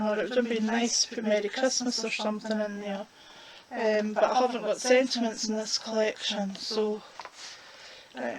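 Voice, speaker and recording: A woman with a fairly high voice chats casually while demonstrating a colouring craft. She is unhurried and talks as she works, and the recording is rough.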